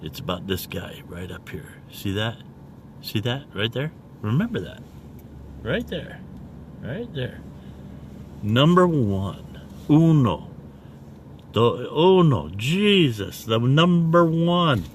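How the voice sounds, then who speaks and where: A man preaching casually in a video, rambling and repeating "okay?" after each point and spelling words out slowly. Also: medium pitch, sing-song, slight background noise. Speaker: self-made online preacher.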